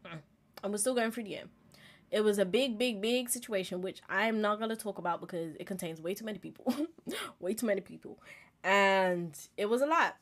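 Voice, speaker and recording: A woman's voice: medium pitch, a little fast. A woman, hosting a live-streamed podcast in a candid, chatty way and laughing often as she talks. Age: 20s. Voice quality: expressive, laughs often while talking. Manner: candid, chatty, swings between loud and quiet. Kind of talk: casual live-stream chat.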